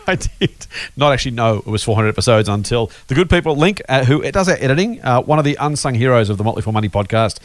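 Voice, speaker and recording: Australian man, podcast host, quick talker, lively voice, dry close sound. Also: lowish voice, no echo. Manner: jokey, teasing, laughs often. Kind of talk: casual finance podcast chat.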